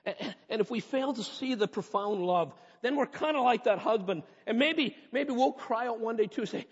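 High-voiced husky male preacher. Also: normal speed, few pauses. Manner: earnest, conversational preaching that swells into impassioned peaks. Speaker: pastor. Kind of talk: sermon. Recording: reverberant hall, dull muffled sound.

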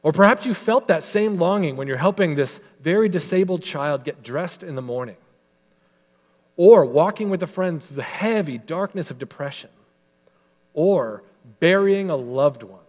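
A male pastor delivering an earnest, emphatic sermon in a fairly high voice. He slows down and softens when he reads scripture, and a long hall reverb trails behind his words. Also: animated.

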